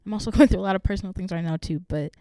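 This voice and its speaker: Frank young woman, smooth dry voice. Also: mid-range voice, warm tone, no room sound. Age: young adult. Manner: open and frank, swears freely, fast asides. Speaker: college student. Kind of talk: candid personal conversation.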